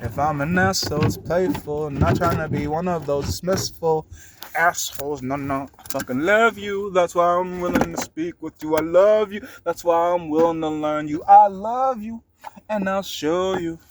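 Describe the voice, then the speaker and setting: A man's voice: fairly high pitch, moderate pace, noisy background. A young man in a rambling, emotional spoken-word monologue. He swears freely and speaks straight to someone he loves. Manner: earnest, emotional, profane, talking to a loved one. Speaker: vlogger.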